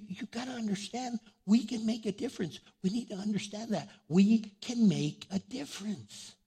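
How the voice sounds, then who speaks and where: A male pastor preaching a sermon with fervent, repetitive exhortation and a raspy voice. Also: high-pitched, dark tone.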